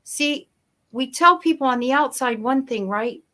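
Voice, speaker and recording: A woman's voice: sits high, a little slow, bright, forceful tone. Emphatic woman telling her story. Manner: emphatic, storytelling, shifts pace for effect. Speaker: guest speaker. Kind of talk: motivational interview talk.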